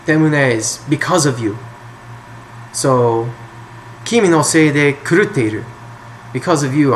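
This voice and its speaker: A man talking through language points in a loose, unscripted way, pausing and restarting as he thinks. His voice sits at an everyday middle pitch, with a faint hiss of noise behind him. He sounds like someone recording at a home desk. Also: fairly bright tone. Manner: thinking aloud with frequent ums and restarts. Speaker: language tutor. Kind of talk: casual explainer commentary.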